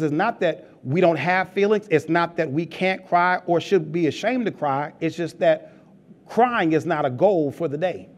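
A man's voice: a little high, a little mellow. A man preaching a sermon as pastor, talking in a loose, joking way and calling out to the congregation as it laughs. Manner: humorous, conversational preaching with call-outs to the congregation.

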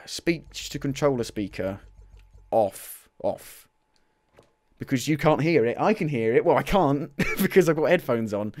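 A man of twenty giving casual, chatty commentary while playing a racing game demo, reacting with quick excited exclamations. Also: medium pitch. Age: 20s. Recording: loud racing game engine noise under the voice. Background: racing car engines from the game.

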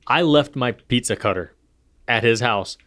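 A man's voice: mid-range voice, a little slow, fairly bright tone. Chatty man co-hosting a podcast. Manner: playful, rambling storyteller with many fillers. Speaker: podcast co-host. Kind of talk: casual chat.

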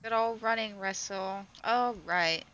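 Bright-voiced woman chatting over farm videos. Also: medium pitch, takes it slowly, clean tone, rough recording. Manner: chatty, affectionate toward the animals. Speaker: goat breeder commenting on her own farm videos. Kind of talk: casual video commentary.

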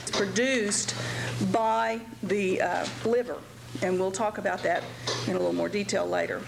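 A woman anatomy instructor giving a recorded lecture, speaking slowly and carefully, spelling out word parts letter by letter, with frequent pauses and throat-clearing. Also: mid-range voice, fairly even intonation. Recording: faint background noise, archival lecture tape.

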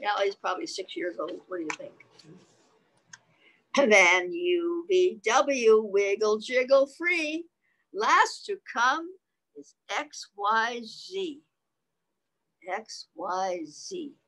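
A woman's voice: medium pitch, expressive, takes it slowly, long pauses, fairly bright tone, poor audio. A woman reading a picture book aloud to young children in a sing-song manner, stopping often to ask them questions. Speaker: children's storyteller.

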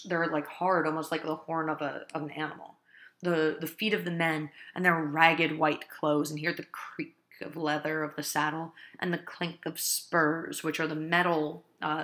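A woman's voice: on the low side, fairly bright tone. Woman reading a novel aloud to a class. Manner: stops to explain words and talks to listeners. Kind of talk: read-aloud with explanations.

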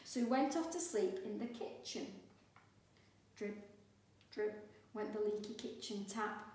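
Slow, expressive teacher reading a story. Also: female voice, medium pitch. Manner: slow, expressive, with sound effects. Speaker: primary school teacher. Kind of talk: storybook read-aloud for young children. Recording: echoey room, mic far off.

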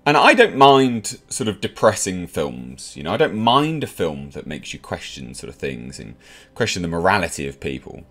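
A man's voice: sits low, very animated, normal speed, fairly bright tone. A man with an English accent giving a blunt, exasperated spoken film review to camera, with mocking asides. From England.

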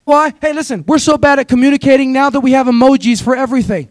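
Male pastor, very high voice, dry close sound, fiery call-and-response preaching. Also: fast, few pauses, no echo. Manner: exhorting, call-and-response with the congregation; storytelling with rising, shouted peaks. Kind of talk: sermon.

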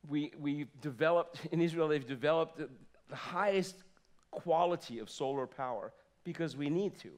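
A man in his fifties preaching a sermon in a church, swinging from loud exclamations to soft asides. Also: fairly high pitch, moderate pace. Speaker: pastor. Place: church sanctuary.

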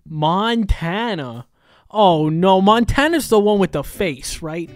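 Lively excitable woman gamer. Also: mid-range voice, slow, no echo, clean studio sound. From New York. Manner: animated, exclaiming, talks straight to viewers. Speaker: gaming creator. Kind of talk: excited gaming commentary.

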